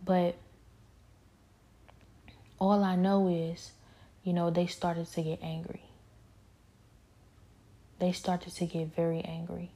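A woman's voice: fairly low pitch, level tone, slow pace, pauses often, mellow. A woman giving an earnest, repetitive personal testimony, often dropping into a whisper. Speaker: speaker sharing a personal spiritual struggle.

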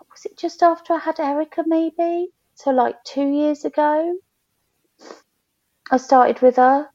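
A woman's voice: high-pitched, fairly even intonation, slow pace, long pauses, a little mellow, lo-fi sound. A woman in her thirties, chatting openly as a podcast guest and telling stories with laughter. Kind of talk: casual chat.

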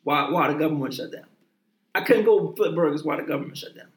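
High-voiced man ranting in an echoey room. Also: quick pace. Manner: profane, emphatic, repeats and restarts words. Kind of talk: heated casual chat. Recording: roomy echoing room.

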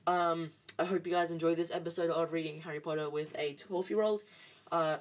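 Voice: mid-range voice, low-quality recording. A podcast host reading a story aloud at home, talking casually with fillers and stumbles.

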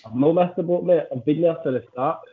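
Man, co-host, sweary teasing banter, higher pitch, thin phone-like audio. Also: fast. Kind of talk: casual chat. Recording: tinny phone-like line.

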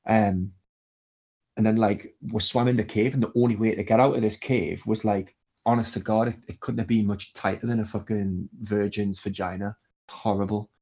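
Young man, husky, lowish voice, rambling and sweary, lots of fillers. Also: steady tone, moderate pace, mellow. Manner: rambling storyteller, swears freely, many fillers. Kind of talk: casual chat.

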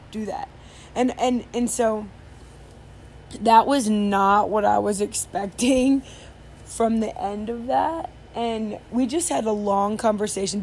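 A woman's voice: mid-range voice, darkish tone. A woman telling a story in casual chat, rambling with many fillers and restarts, over faint background noise.

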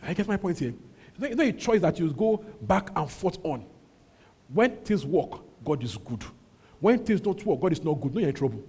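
Husky pastor preaching with emphasis. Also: male voice, sing-song, normal speed. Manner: emphatic, repeats phrases, swings between loud calls and low asides. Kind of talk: sermon.

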